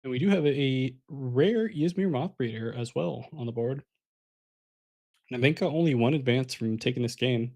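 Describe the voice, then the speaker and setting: A yawning, sleepy caster with a mid-pitched, darkish voice calls a live online card match at normal speed. In a relaxed, chatty way he explains every play and speaks to the viewers in chat.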